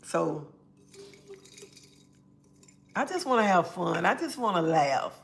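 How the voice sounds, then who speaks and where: A woman hosts a relaxed livestream, calling out viewers by name and chatting easily. She sounds a little under the weather and talks into a phone or webcam mic. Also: fairly low pitch. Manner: greets chat viewers by name, drawn-out friendly talk. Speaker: livestream host. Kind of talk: casual livestream chat.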